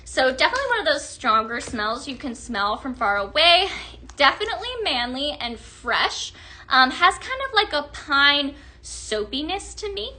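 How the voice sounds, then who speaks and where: A woman hosting a live shopping stream, gushing in an upbeat sales pitch to viewers she calls her friends. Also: sing-song, moderate pace, bright, forceful tone.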